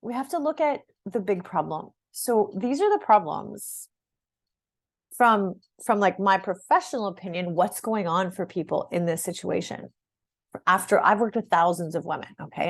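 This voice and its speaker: A woman's voice: on the low side, moderate pace, vocal fry. Chatty middle-aged woman fitness coach. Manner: conversational, repeats words, asks "right?" and "okay?" often. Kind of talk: direct-to-camera program overview.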